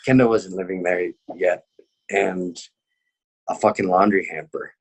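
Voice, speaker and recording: A young man with a fairly low voice tells a story in loose, casual chat. He swears constantly and acts out the people he quotes. He is an MMA fighter talking as a guest. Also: steady tone, unhurried, vocal fry, husky.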